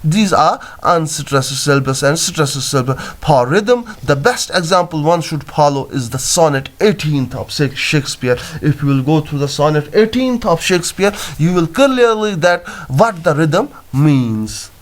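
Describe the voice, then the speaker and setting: A man teaching poetry in a halting classroom lecture, with many fillers and self-corrections. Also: on the high side, lively intonation.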